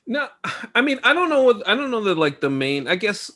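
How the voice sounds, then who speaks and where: A man in a casual podcast chat, excitable and halting, often restarting his sentences. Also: high-pitched. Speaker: podcast co-host.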